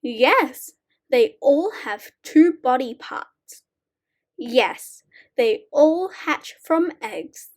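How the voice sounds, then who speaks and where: A woman slowly reading short sight word poems aloud for young learners, clear and deliberate. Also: high-pitched, expressive, darkish tone. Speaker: reading teacher.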